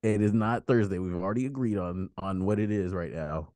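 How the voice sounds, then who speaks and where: A man's voice: lowish voice, normal speed, a little mellow, no echo. A man hosting a podcast, telling a story in casual chat, rambling with restarts and swearing. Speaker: podcast host.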